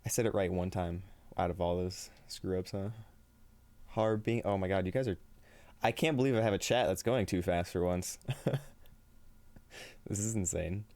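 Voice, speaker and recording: Man, casual livestream chat, low voice, dry close sound, upbeat, tired. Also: moderate pace, long pauses, darkish tone, dry recording. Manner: upbeat, laughs often, reads chat aloud. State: tired and a little shaky. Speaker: streamer.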